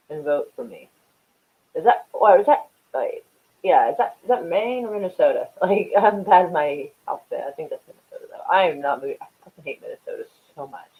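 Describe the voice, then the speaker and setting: A woman's voice: on the low side, big pitch swings, brisk. A woman from Oklahoma hosting a casual livestream, chatting with viewers in a profane, rambling way and often laughing at herself. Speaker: livestream host. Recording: tinny phone-like audio.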